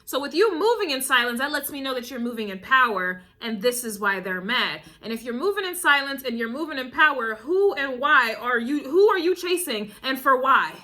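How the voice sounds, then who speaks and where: A woman's voice: sits high, animated, moderate pace, few pauses, bright, forceful tone. A woman doing a casual spiritual tarot reading, emphatic and repetitive, chuckling now and then and calling the listener baby. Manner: emphatic, repeats phrases, chuckles often, calls listener baby. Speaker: tarot and astrology reader.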